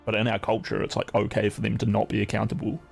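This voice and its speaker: A man's voice: lowish voice, completely flat delivery, fast talker, gravelly, soft background music. A man streaming, chatting casually in a rambling, profane way, full of "like" fillers.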